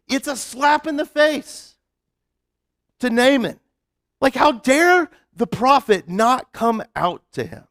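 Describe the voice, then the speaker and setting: Male pastor, high and lively voice, chatty storyteller full of restarts, dry close sound. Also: slow pace, no room sound. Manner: chatty, full of "like" and restarts, acts out quoted lines. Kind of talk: casual storytelling sermon. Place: church sanctuary.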